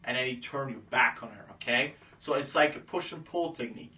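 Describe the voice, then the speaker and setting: A man's voice: mid-range voice, fairly quick, pushed and bright, distant mic. A man giving casual dating advice who keeps checking in with "okay?". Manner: breezy, acts out pickup lines in quoted voices, says "okay?" a lot. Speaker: dating coach. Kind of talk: casual instructional talk.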